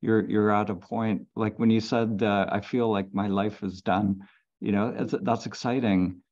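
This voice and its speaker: A man, a meditation teacher, giving halting spiritual guidance over a video call, full of fillers. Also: lowish voice, fairly even intonation, darkish tone, lo-fi sound. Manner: slow, halting, many fillers.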